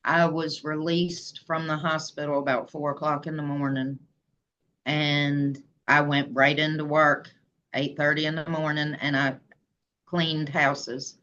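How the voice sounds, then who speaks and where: Low-voiced woman, slow and earnest, telling her story as a guest, bit muffled lo-fi sound. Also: little pitch movement, fairly bright tone, slight background noise. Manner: earnest, plain-spoken, voice rising when emotional. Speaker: guest, memoir author. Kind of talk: personal storytelling in an interview. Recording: slightly dull lo-fi sound.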